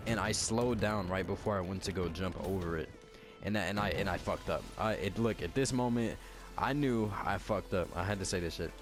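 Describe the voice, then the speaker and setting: Young male vlogger, lowish voice, animated and profane, loose storytelling over music. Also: fairly quick. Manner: animated, heavy swearing and slang. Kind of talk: casual storytelling. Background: background music.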